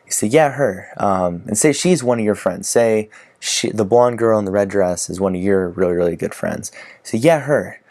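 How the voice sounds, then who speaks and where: A man's voice: sits low, normal speed, a little mellow. A man teaching dating advice in a casual, conversational way, acting out sample lines with frequent fillers. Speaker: dating coach. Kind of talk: casual instructional talk to camera.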